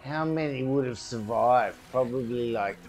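A man hosting a reaction video, talking casually and excitably and swearing freely as he comments. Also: medium pitch, unhurried, soft background music.

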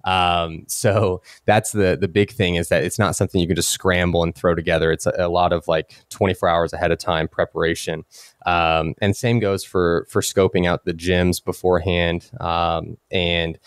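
A deep-voiced man co-hosting a casual podcast. He rambles through his points with frequent fillers and false starts. The sound is close and dry. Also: little pitch movement, normal speed, clear, resonant tone, no echo. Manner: rambling, many fillers and restarts. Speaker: podcast co-host.

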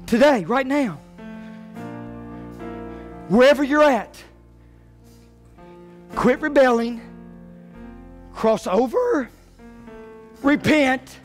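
A male pastor preaching a sermon, swinging between quiet talk and loud shouted climaxes. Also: extremely high pitch, lively intonation, drawn-out words, pauses often, faint music behind.

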